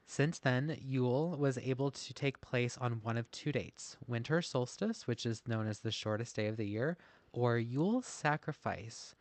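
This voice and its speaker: A man's voice: mid-range voice, dry recording. A man co-hosting a casual podcast, reading notes aloud and often laughing at himself. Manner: self-deprecating, laughs often. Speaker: podcast co-host. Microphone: masked while recording.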